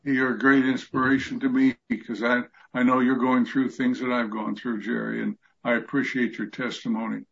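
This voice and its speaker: A man's voice: mid-range voice, level tone, normal speed, gravelly, few pauses, fairly bright tone. An 85-year-old man giving an earnest, emotional testimony of gratitude in a group video call. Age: 80s. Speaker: fellowship group member. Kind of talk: heartfelt testimony in group chat. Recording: muffled lo-fi video call audio.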